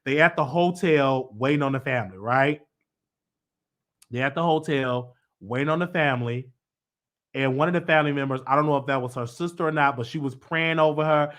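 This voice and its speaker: A man hosting his own show, casually recapping and reviewing a TV episode in a slangy, animated way with loud bursts. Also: fairly high pitch, a little fast.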